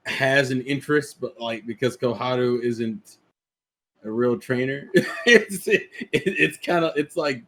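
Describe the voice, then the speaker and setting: A man's voice: medium pitch, unhurried, a bit bright. A man co-hosting a podcast in casual chat, rambling and repeating words as he thinks. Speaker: podcast co-host.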